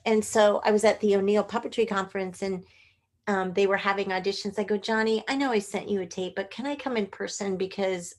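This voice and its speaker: Bubbly, expressive woman telling stories. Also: medium pitch, a little fast. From Northern California. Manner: bubbly and expressive, acts out voices in quoted dialogue. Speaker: guest puppeteer. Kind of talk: animated interview storytelling.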